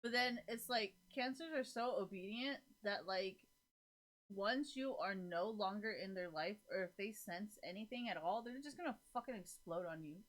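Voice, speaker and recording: Bright-voiced woman, laughing casual chat. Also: mid-range voice, normal speed. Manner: laughs often, swears freely, rambling.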